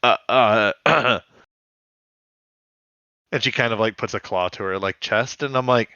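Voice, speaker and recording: A man's voice: fairly low pitch, measured pace, pauses often, bright, forceful tone, smooth, dry recording, lo-fi sound. A man co-hosting a podcast, chatting casually and profanely and laughing often. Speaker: podcast co-host. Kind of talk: casual chat about a cartoon episode.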